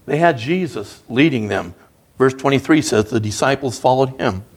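A man's voice: medium pitch, expressive, normal speed. A man preaching a sermon as a guest speaker, in an earnest, conversational way that builds in emphasis.

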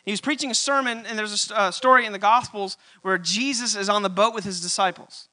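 A man preaching a church sermon, building to loud emphatic peaks and repeating his key lines. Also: high-pitched, fast talker. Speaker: pastor.

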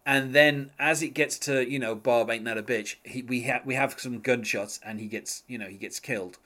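A man's voice: medium pitch, fairly even intonation, moderate pace, sharp tone. A man chatting casually as a podcast host, rambling with many fillers and frequent chuckles. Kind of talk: casual music discussion.

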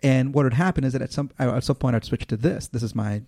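Gravelly, dark-voiced man explaining thoughtfully. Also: medium pitch, no echo, clean studio sound. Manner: thoughtful, explanatory, measured with frequent pauses. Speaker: interview guest, former public speaking teacher. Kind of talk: reflective radio interview talk.

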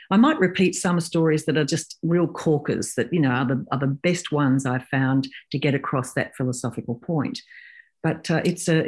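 A woman in her sixties speaks with a low voice in a podcast interview. She's a professional speaker telling stories and acting out quotes with lively vocal shifts.

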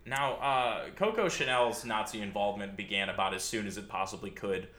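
Man, low pitch, bright forceful tone, casual sardonic storyteller, echoey room. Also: fairly quick. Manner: sardonic asides, frequent "uh". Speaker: podcast host telling a history story.

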